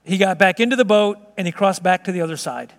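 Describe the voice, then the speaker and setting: A man preaching a sermon in an emphatic, conversational way, at times dropping to slow, hushed tones. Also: high-pitched. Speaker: pastor. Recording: long reverb of a large hall.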